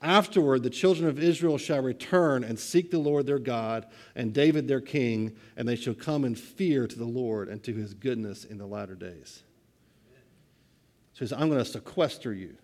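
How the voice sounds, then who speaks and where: A middle-aged man preaching a sermon, swinging between hushed, quiet lines and loud, excited bursts. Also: medium pitch, moderate pace. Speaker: pastor.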